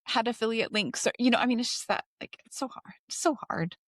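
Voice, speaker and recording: A woman's voice: on the high side, fairly quick, fairly bright tone, no room sound, clean studio sound. A woman co-hosting a podcast, speaking frankly in casual chat with lots of filler words. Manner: frank, conversational, lots of "like" and "I mean". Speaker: podcast co-host.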